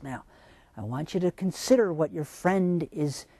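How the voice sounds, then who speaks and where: A man hosting a parenting advice talk, coaching gently and asking many rhetorical questions. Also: a little high, measured pace, no echo.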